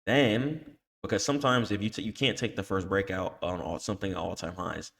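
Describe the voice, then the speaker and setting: In a screen-share chart tutorial, a male trading educator talks in a low, fairly even voice at normal speed, with vocal fry and a fairly bright tone. His slang is casual, "okay?" follows nearly each point, and he delivers emphatic scolding when cautioning against trading on emotion.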